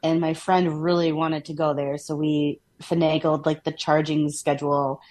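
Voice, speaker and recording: A woman's voice: deep voice, level tone, normal speed, darkish tone. A woman from Minnesota with a Minnesotan accent, co-hosting a podcast in casual, upbeat chat, laughing often. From Minnesota, USA. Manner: chatty and upbeat, laughs often, many "like" fillers. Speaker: podcast co-host.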